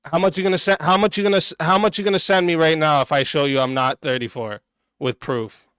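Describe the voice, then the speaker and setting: A man's voice: on the high side, fairly even intonation, fast talker, a bit bright, clear, resonant tone, no room sound. A man streaming live, reacting to chat in a crude, combative, mocking way. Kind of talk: livestream commentary.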